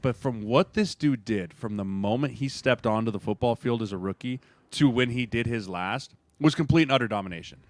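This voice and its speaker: A man with a middle-pitched voice co-hosts a podcast in casual conversation. He talks in a measured, lightly teasing way, and the sound is dry and close. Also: dry recording. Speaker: podcast co-host. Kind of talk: casual chat.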